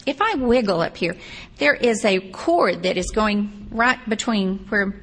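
A woman's voice: mid-range voice, lively intonation, a little slow. A woman from Texas, telling a rambling personal story with wry asides. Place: seated on a stage or chair.

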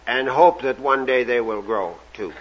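A man's voice: medium pitch, measured pace, dull audio, noisy background. Folksy man telling a joke. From Canada. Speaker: recovery meeting speaker. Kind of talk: storytelling talk to a meeting.

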